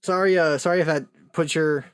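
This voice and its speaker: A man's voice: fairly high pitch, fairly even intonation, brisk, clean tone, dry recording. A man co-hosting a podcast, telling a rambling story in casual chat, full of asides. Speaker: podcast co-host.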